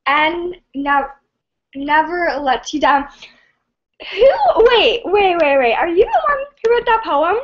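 A woman hosting a casual live stream, reading viewer comments in an excitable, scattered and giggly way. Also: very high voice, takes it slowly, muffled recording.

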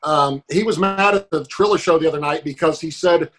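A man's voice: on the high side, fairly quick, a bit bright. A man co-hosting a podcast, chatting casually and making wry joking asides. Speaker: podcast co-host. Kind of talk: casual chat.

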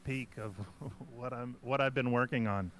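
A man's voice: mid-range voice, steady tone, unhurried, fairly bright tone, a little hiss or hum. A man co-hosting a casual chat show, joking and stumbling over repeated words while he works. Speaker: co-host.

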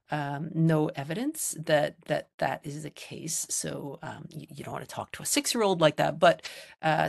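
A researcher gives an informal public lecture about how children learn language, speaking into a computer microphone on a video call. The voice is strongly gravelly, full of vocal fry, and noticeably husky. The delivery is conversational and reassuring. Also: mid-range voice.

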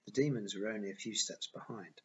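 A man reads a novel aloud in an even, plain first-person narration. His voice is on the low side. The recording sounds dull and lo-fi. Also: brisk. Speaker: audiobook reader.

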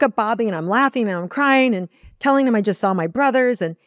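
In a podcast interview, a spiritual teacher from Iowa earnestly recounts a personal story, acting out what she once said to herself. Her voice sits on the high side and moves fast, recorded clean in a studio with no echo. She tells it in an animated way, quoting her own inner dialogue.

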